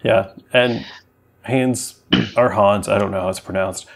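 Low gravelly podcast dude, laid back, dry chuckles. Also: male voice, steady tone, normal speed, fairly bright tone. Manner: dry, easygoing, chuckles along. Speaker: podcast co-host. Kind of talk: casual chat.

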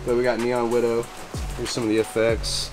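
A man showing off his gear in a casual vlog, excitable and slangy, repeating catchphrases and whooping. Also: mid-range voice, normal speed. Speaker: fireworks vlogger. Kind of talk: casual show-and-tell vlog. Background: background music.

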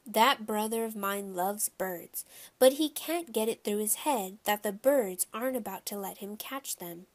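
A woman narrating a children's novel in the first person, with lively storytelling. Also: mid-range voice, a little slow. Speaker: audiobook reader.

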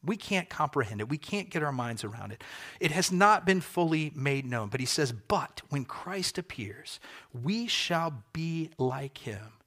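A man preaching a sermon as pastor, earnest and emphatic, repeating key phrases and slowing down for effect. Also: a little high, sing-song, sharp tone.

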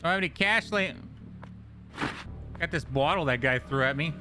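A man streaming a horror delivery game, joking and reacting loudly, on a studio microphone. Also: a little high, moderate pace, over music. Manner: animated, jokey, squeals at animals. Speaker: gaming streamer. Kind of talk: let's play commentary. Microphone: studio dynamic mic.

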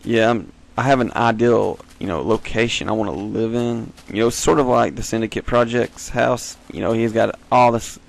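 A man giving rambling, jokey let's-play commentary as host of a gaming video, giggling and breaking into sudden high squeals. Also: steady tone, a little slow, gravelly.

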